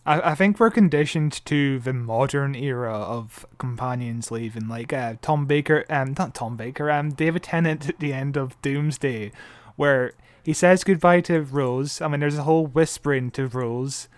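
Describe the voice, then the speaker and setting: A man co-hosting a podcast in casual chat, thoughtful and hesitant, often trailing off softly. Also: medium pitch, normal speed, dry recording. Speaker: podcast co-host.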